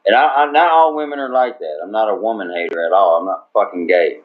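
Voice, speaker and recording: A man's voice: on the low side, quick pace. A man co-hosting a talk radio show, rambling crudely with constant swearing. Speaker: co-host. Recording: dull lo-fi sound.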